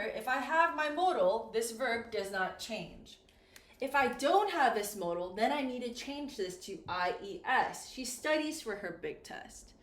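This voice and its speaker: Woman, English teacher, slow deliberate delivery, exaggerated pronunciation, echoey room. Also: on the high side, a bit bright. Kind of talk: classroom-style grammar lesson.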